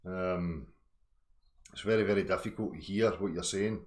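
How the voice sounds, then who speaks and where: A man's voice: deep voice, fairly even intonation, normal speed. A man hosting a casual live stream, talking in a rambling, earnest way.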